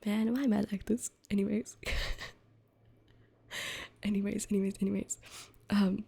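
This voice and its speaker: A woman's voice: medium pitch, level tone, measured pace, vocal fry, pauses often, husky. A young woman streamer in a whispered ASMR chat, rambling and giggling at herself as she reads, close to the mic. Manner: giggly, rambling, self-deprecating.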